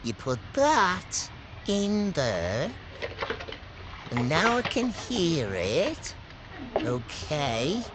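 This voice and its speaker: A man voicing an astonished woman who laughs in disbelief, heard from far off with loud noise behind. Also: fairly high pitch, huge pitch swings, very slow, long pauses, pitched above the performer's own voice, full character voice.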